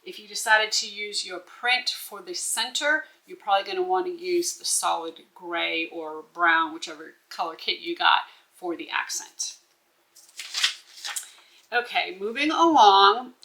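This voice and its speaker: A woman's voice: mid-range voice, sharp tone, poor audio. A woman walking through a bag-making pattern step by step, instructive and checking in with the viewer as she goes. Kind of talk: step-by-step sewing tutorial.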